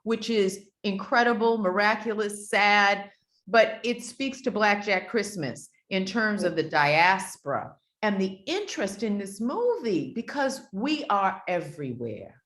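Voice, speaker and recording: A woman's voice: mid-range voice, animated, measured pace, fairly bright tone. A woman from Portland, Maine, a producer guest, speaking earnestly and reflectively in an interview. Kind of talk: casual interview chat.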